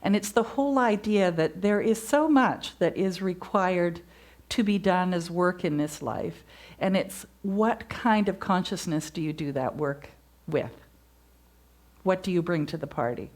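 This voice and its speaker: A woman giving a gentle, reflective spiritual talk, telling stories to her congregation. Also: fairly low pitch, animated, a little slow.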